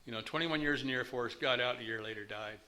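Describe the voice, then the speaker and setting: A man's voice: mid-range voice, fast, sharp tone. A man in his fifties from the United States, telling his personal recovery story to a meeting in a candid, rambling way.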